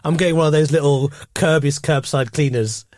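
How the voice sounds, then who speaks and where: A man's voice: fairly high pitch, steady tone, a little fast, a little mellow, no room sound, clean studio sound. A man guesting on a podcast as a comedian, chatting casually and mocking himself. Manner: self-mocking, laughs at his own jokes. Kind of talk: casual chat.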